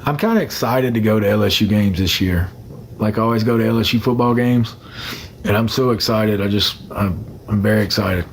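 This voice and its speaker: A man's voice: on the low side, a little fast, slight background noise. A young man chatting casually on a phone livestream, rambling and greeting commenters by name.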